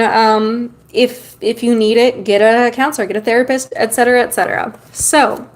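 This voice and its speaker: A woman streamer chatting casually with her viewers while reading tarot cards, loose and talkative with lots of filler ums. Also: a little high. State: has the hiccups. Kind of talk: casual live-stream chat.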